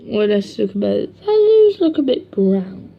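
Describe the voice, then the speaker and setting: A woman's voice: mid-range voice, sing-song, moderate pace, a little hiss or hum. Rambling young woman on a lo-fi home video. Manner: rambling, self-correcting, chatty asides. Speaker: vlogger. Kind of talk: casual rambling chat. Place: home, by a washing machine. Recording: dull lo-fi home recording.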